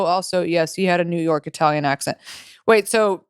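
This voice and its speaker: A young woman co-hosting a casual podcast, swearing freely and laughing as she reads stories out loud. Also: lowish voice, moderate pace, clean tone, no echo, studio quality. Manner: profane, laughs while reading stories aloud. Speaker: podcast co-host.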